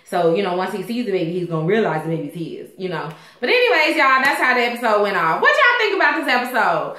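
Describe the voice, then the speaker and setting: A woman casually recapping a TV episode, chatty and animated, acting out the characters and a little tipsy. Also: medium pitch, fast, echoey room. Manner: chatty, animated, loud quoting of characters, frequent laughs. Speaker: TV recap host.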